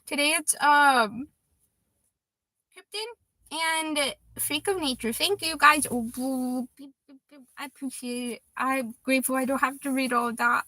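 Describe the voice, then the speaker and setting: A woman's voice: high-pitched, unhurried, sharp tone, no room sound. A woman in her twenties chatting casually on a livestream, reading viewer comments aloud and laughing often. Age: 20s.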